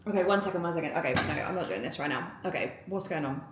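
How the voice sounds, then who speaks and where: A woman vlogging casually at home, excitable and giggly, rambling with lots of fillers. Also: lowish voice, fast, background noise. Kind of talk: casual vlog chat to camera. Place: indoors at home, getting ready. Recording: echoey room.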